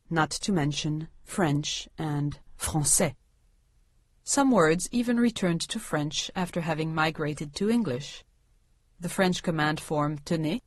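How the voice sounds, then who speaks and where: A woman with a lowish voice reads a language lesson as scripted narration, every word clearly enunciated. She slows down to set example words apart. The sound is close and dry, with no room around her. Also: no echo.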